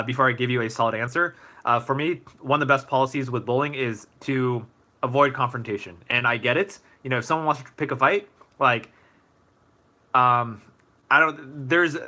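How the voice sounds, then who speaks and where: A young man runs a casual live Q&A stream in a mid-range voice, answering viewer questions in a relaxed, thoughtful way with plenty of fillers and restarts.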